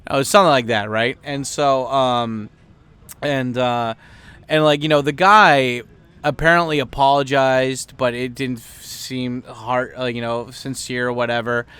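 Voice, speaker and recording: A man's voice: medium pitch, fairly even intonation, a little slow, a bit bright, smooth. A man hosting a podcast, talking in a casual, rambling way with lots of fillers and swearing. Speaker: podcast host. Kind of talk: casual profane monologue.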